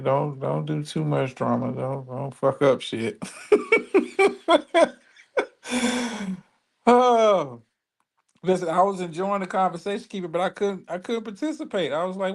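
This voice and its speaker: A man's voice: fairly high pitch, vocal fry. A tired man hosting a live stream and signing off from his phone. He rambles casually and swears freely. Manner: profane, loose, rambling. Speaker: stream host.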